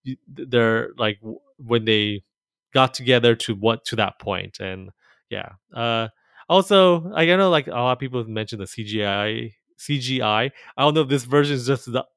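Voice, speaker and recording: A man co-hosting a podcast in casual chat, speaking haltingly with restarts and frequent "like" fillers. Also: mid-range voice, fairly bright tone, smooth, dry recording, clean studio sound. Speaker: podcast co-host.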